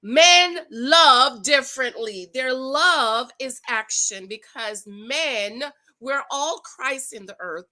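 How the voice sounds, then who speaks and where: A high-pitched woman hosts her own dating-advice commentary, sassy and preachy as she calls her viewers "girl." Her voice has a bright, forward ring. She talks in a loose, casual way, as if to a friend. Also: lively intonation, slow.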